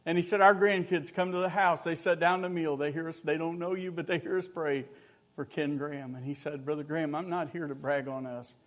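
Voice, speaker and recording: A man's voice: on the high side, steady tone, a little fast. Older male preacher telling folksy stories. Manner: folksy storytelling with humor and rising exhortation. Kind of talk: sermon.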